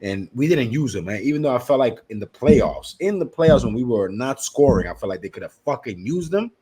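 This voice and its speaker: A man from New co-hosting a casual sports podcast, excitable and profane as he hypes up his ideas. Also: medium pitch, fairly quick, slightly rough. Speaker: podcast co-host.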